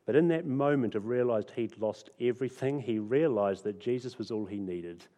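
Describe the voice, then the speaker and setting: Male preacher, chatty sermon delivery with asides, medium pitch, long hall reverb. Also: normal speed, dark tone. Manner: conversational, with restarts and asides.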